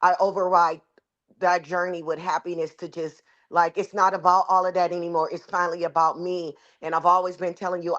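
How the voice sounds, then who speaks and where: A woman's voice: on the low side, little pitch movement, a bit bright, muffled recording. Earnest woman sharing on a video call. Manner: earnest, halting, with fillers and restarts. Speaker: coaching client. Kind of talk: casual reflective sharing.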